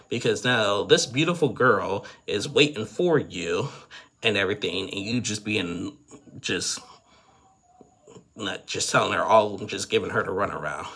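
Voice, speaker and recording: A man with a deep, gravelly voice rambles through a casual reality TV recap, leaning on fillers like "and stuff." His tone carries a bright, tense edge as he gives frank opinions. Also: animated, measured pace.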